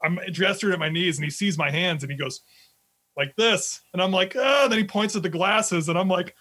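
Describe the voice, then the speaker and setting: A man's voice: high voice, a little fast, breathy edge, no echo. Profane young man telling war stories. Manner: animated, profane storytelling. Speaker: army veteran guest. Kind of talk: casual podcast chat.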